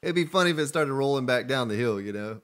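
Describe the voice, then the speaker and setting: This man gives live commentary as he streams a survival game, talking to viewers in a chatty, joking way. His medium-pitched voice is expressive and a bit bright, and he talks fast.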